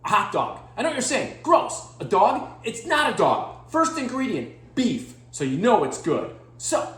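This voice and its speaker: Woman as a dim, proud home-cook guy; lively pitch, echoey room. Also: measured pace. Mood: goofy boastful. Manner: boastful, deadpan silly, jumpy loudness. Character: clueless goofy male home-cooking guy. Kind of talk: comedy sketch monologue.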